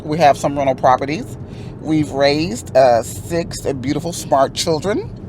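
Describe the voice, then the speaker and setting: A woman's voice: deep voice, measured pace, noisy background. A woman in her forties from Florida, a guest speaking in a composed, articulate way inside a car. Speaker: guest, mother of a football player.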